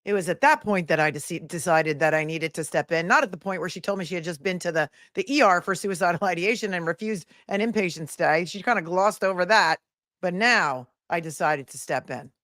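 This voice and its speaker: A woman's voice: on the low side, fast talker, hardly any pauses, fairly bright tone, no echo, studio quality. A woman hosting a live trial commentary stream, blunt and sarcastic, with some swearing.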